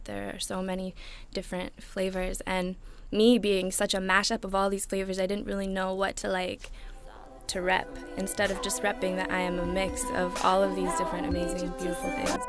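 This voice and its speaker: A woman's voice: mid-range voice, normal speed. A young woman, a singer-songwriter, talking casually in an interview with many fillers. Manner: relaxed, chatty, lots of "like" fillers. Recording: music playing underneath.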